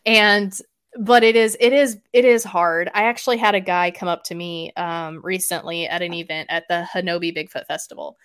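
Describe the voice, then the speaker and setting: Woman, podcast guest, animated storyteller, casual chat. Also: fairly low pitch, clear, resonant tone. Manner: animated storyteller, quick shifts in loudness.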